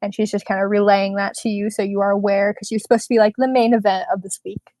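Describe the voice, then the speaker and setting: A woman narrating as game master of a tabletop game, relaxed and rambling with many fillers. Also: medium pitch, fast, no room sound.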